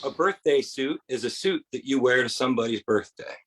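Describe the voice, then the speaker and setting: A man's voice: mid-range voice, brisk, a little hiss or hum, low-quality recording. Rambling male stand-up comic. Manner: rambling with quoted voices. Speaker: stand-up comedian. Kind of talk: stand-up set. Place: bar stage.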